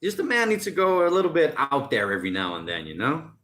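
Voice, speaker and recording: A man's voice: a little high, wildly swooping pitch, fast talker, a bit bright. A man hosting a casual live stream outdoors by the ocean, reading out chat messages and chatting loosely with lots of jokes. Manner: loose, rambling and jokey, often laughing.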